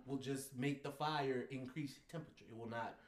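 A man's voice: medium pitch, fairly even intonation, normal speed. A young man co-hosting a casual podcast, arguing his points with combative, profane energy. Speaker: podcast co-host. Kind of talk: casual argumentative chat. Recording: roomy echo, faint noise.

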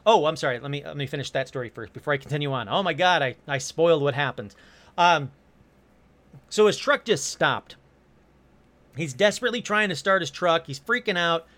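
A man hosting a casual storytelling monologue, animated and joking, with quick asides and apologies. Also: on the high side. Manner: animated, jokey asides, puts on silly voices briefly. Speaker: host.

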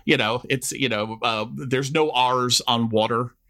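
Lively man co-hosting a podcast. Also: medium pitch, measured pace. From New York, Queens. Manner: animated, jokes with put-on accents. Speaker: podcast co-host. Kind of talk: casual chat.

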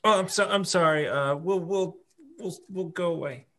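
A man's voice: sits high, moderate pace, fairly bright tone. Flustered man playing a tabletop game. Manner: flustered, apologetic in character. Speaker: player. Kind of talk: in-character tabletop play.

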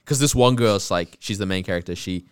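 Fast-talking young man, rambling. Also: deep voice, smooth. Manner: rapid, rambling, lots of "like" and "bro". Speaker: podcast co-host. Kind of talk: casual chat.

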